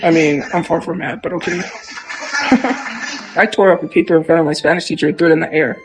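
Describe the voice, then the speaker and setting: A man's voice: fairly high pitch, little pitch movement, very fast, faint music behind, low-quality recording. A young man on a phone livestream chatting casually and talking back defensively to viewer comments in a rambling way.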